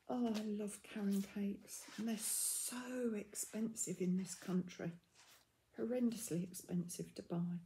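Slow, soft-spoken woman gushing. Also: medium pitch, slight background noise. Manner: gushing, often drops into soft half-whispers; reads out yarn labels in a steady list. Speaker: craft vlogger. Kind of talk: casual unboxing vlog.

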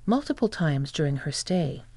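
A woman narrating a first-person story in an even, measured scripted read. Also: deep voice, dry recording.

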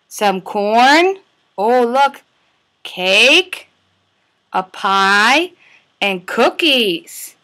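A woman teacher reading a picture book to toddlers, animated and playful, with animal sounds. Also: fairly high pitch. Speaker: preschool teacher.

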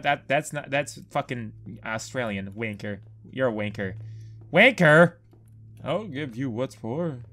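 A man's voice: fairly high pitch, pushed and bright. A young man giving jokey, swearing let's play commentary, ranting at the game. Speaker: gaming youtuber.

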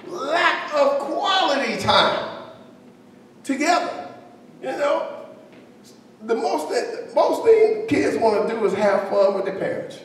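A pastor preaching a sermon in a conversational way, with joking asides to the congregation. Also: male voice, very high-pitched, very animated, slow pace, pauses often. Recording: echoey hall, distant mic, faint hiss.

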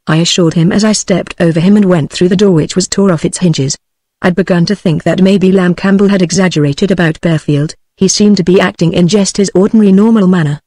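A synthetic woman's voice with a British English accent reads a story aloud in a steady, even way. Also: on the low side, fairly quick, no room sound. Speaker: narrator. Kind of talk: text-to-speech audiobook reading.

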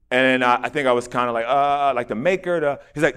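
A man's voice: mid-range voice, fast talker, hardly any pauses, a bit bright, clear, resonant tone. A man preaching, telling a personal testimony with acted-out quotes and closing in fervent, repetitive prayer. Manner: storytelling, acting out quoted voices.

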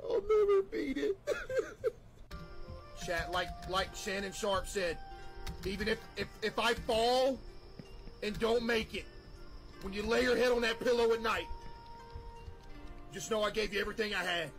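A man streaming games to a live chat, barking loud commands and then muttering low asides to his viewers. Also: animated, unhurried, long pauses, faint music behind. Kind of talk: live game-stream chatter.

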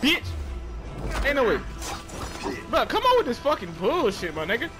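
A man giving casual, profane, excitable commentary while playing a video game, trash-talking the enemies. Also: extremely high pitch, normal speed. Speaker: gaming streamer. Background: game music.

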